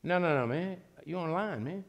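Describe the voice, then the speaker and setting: A man preaching a sermon as pastor, animated, swinging from low asides to shouting. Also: normal speed.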